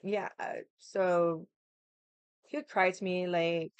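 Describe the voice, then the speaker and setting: A woman's voice: fairly low pitch, flat delivery, takes it slowly, clear, resonant tone, dry recording. A woman vlogger in casual chat, telling a rambling story bluntly and swearing freely.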